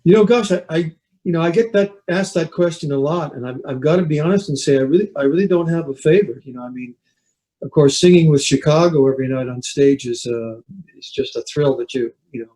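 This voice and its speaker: A Canadian man, a singer who grew up with French at home, chatting as a guest on a talk show in a relaxed, rambling way with many restarts. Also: fairly high pitch, fairly quick, rough recording. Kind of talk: casual interview chat.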